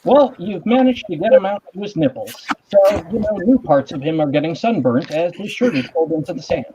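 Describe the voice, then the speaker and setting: A man's voice: sits high, animated, fairly quick, mellow, a little hiss or hum. A man running a tabletop game as game master, narrating with wry, playful humor in a dull lo-fi recording. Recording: dull lo-fi audio.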